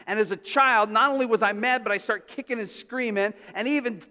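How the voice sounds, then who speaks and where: A man's voice: high voice, a little fast, bright, forceful tone. A male pastor preaching a sermon in a church, telling stories conversationally with asides and restarts. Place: church sanctuary. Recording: reverberant church hall.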